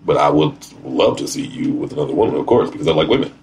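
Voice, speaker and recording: A man's voice: extremely low pitch, expressive, quick pace. A young adult man hosting a casual podcast, blunt and playful, laughing often. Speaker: podcast host. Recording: faint background noise.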